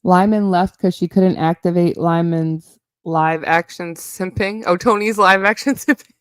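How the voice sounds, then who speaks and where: A young woman with a New York accent talks in an unhurried, rambling way, cursing freely and going off on tangents. Her voice sits at an ordinary middle pitch and is recorded close and dry, with almost no room sound. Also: fairly even intonation, smooth, no echo. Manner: profane, blunt, rambling with sung asides. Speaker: live streamer. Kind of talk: casual livestream rant.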